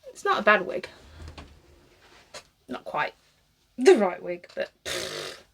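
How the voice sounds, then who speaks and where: This British cosplayer in her thirties talks slowly in a lowish, husky, slightly bright voice with vocal fry and huge pitch swings. She rambles casually while working on a wig, cursing freely and laughing a lot.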